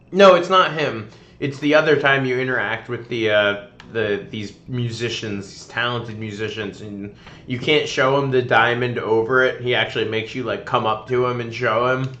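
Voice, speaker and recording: A man's voice: mid-range voice, normal speed, sharp tone, roomy sound, lo-fi sound. A man hosting a let's-play stream, giving casual commentary in a chatty way and laughing often.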